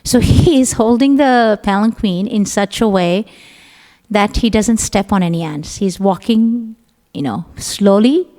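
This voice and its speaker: A middle-aged woman giving a scripture class, telling the story in an animated way and acting out the voices of its characters. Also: mid-range voice, measured pace. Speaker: class speaker. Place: temple hall. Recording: long hall reverb.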